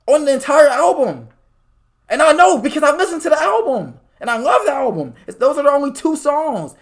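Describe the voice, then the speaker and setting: Young guy, high voice, fast and pushy, arguing his point. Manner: insistent, rapid, argumentative. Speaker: podcast host. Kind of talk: casual debate.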